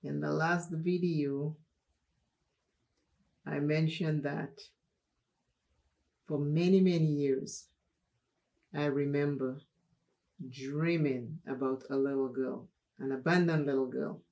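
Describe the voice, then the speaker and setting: A woman from Dominica, hosting a makeup tutorial and telling a personal story in an unhurried, chatty way. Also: low voice, fairly even intonation, gravelly, warm tone. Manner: unhurried, chatty, laughs while telling stories. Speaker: makeup channel host.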